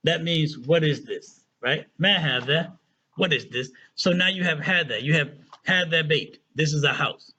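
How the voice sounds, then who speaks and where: A man teaching a casual Arabic lesson who often checks in with "right?" and "okay?" and slows down to spell out words. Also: fairly high pitch, bright, forceful tone, slightly rough, muffled recording.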